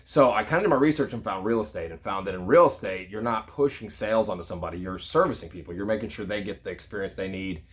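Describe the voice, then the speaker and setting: Man, 30s, real estate agent telling a personal story; quick, chatty delivery, slightly low voice. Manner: chatty, frequent "you know" and "like".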